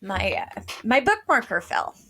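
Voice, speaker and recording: A woman reading a children's book aloud in a slow, careful way, stopping to explain words for young listeners. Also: mid-range voice, big pitch swings, a bit bright, a little hiss or hum.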